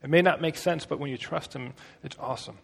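A man's voice: on the high side, a little fast, gravelly, in a large hall, slight background noise. A man preaching a casual, storytelling sermon with a conversational manner and joking asides.

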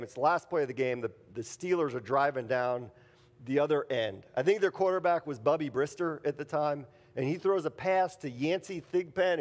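A man preaching a conversational sermon, mixing scripture reading with jokey everyday stories. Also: fairly high pitch. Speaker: pastor. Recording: long hall reverb.

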